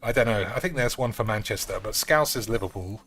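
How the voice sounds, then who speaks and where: A man's voice: on the low side, lively intonation, fast, a bit bright. A man chatting casually and swearing freely while streaming a card game. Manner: rambling, sweary, offhand. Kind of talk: casual live-stream chat while gaming.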